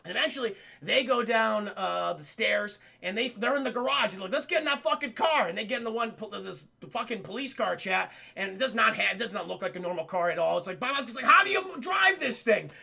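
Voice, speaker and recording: Gravelly, bright-voiced streamer recapping a film. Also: male voice, high-pitched, fast, few pauses. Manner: profane, excitable, keeps addressing chat. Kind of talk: casual livestream film recap.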